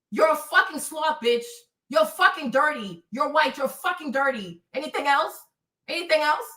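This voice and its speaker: High, bright-voiced woman ranting profanely. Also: reverberant, far from the mic. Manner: profane, confrontational, mocking. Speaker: livestream host. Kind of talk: heated livestream rant at commenters.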